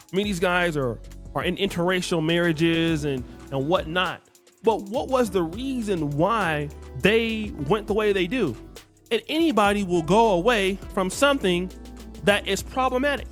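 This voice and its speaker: Guy with a high voice ranting earnest commentary, faint music under it. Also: fairly bright tone. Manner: earnest, emphatic, with restarts. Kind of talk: opinion commentary.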